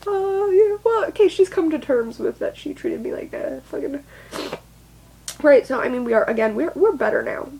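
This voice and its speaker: A woman's voice: sits high, lively intonation, normal speed, gravelly, darkish tone, breathy edge. A young woman vlogging a confessional monologue, rambling, swearing and putting herself down with nervous laughs. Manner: rambling, profane, self-deprecating, with nervous laughs.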